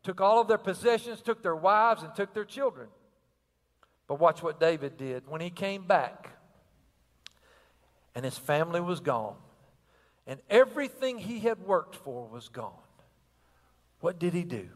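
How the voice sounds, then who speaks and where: A man's voice: sits high, expressive, unhurried, pauses often, in a large hall. An older man preaching a sermon with energy and rhythm, asking the crowd questions and repeating phrases. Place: church sanctuary.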